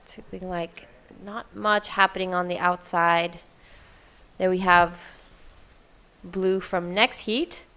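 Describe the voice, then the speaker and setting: A female surf commentator walks through each ride turn by turn, upbeat and precise. She sounds engaged and admiring while keeping the analysis clear. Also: on the low side, steady tone, slow pace, bright, forceful tone. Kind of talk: live sports commentary.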